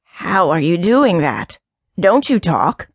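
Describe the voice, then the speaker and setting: A woman voicing a scornful old female alley cat with a deep, raspy, taunting voice and a slow sing-song delivery. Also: very animated, no room sound, clean studio sound, exaggerated voice.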